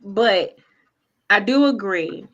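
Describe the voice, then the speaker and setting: A woman's voice: mid-range voice, expressive, slow pace, a bit bright. A woman co-hosting a casual podcast chat about sports, talking in a colloquial, teasing way. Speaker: podcast co-host. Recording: dull lo-fi sound.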